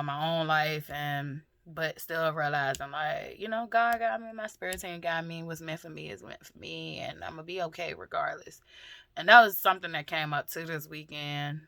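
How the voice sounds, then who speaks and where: A middle-aged woman talking candidly and emotionally in a personal vlog, swearing freely and pausing often with fillers. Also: deep voice, bright, forceful tone, dry recording, studio quality. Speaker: vlogger.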